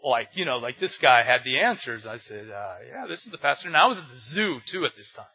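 A man's voice: mid-range voice, big pitch swings, fast, breathy edge. An older man preaching as a pastor in a conversational way, asking rhetorical questions and telling anecdotes. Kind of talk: conversational sermon. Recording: dull lo-fi recording.

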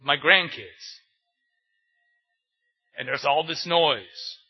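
Older male pastor with a high-pitched, breathy voice; chatty sermon full of rhetorical questions; muffled lo-fi recording. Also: very slow, soft background music. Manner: asks rhetorical questions, tells anecdotes. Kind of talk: conversational sermon. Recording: dull lo-fi recording.

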